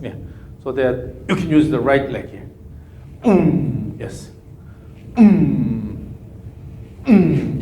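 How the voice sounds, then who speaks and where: A man coaching a golf swing, giving calm, repetitive cues and humming through counts. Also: on the high side, slight background noise. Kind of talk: live coaching session. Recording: echoey room with faint ambience.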